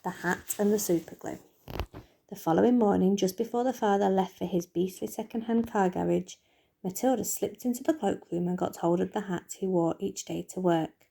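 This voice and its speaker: A woman teacher reading a children's book aloud in a lively, expressive way. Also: mid-range voice, moderate pace, creaky.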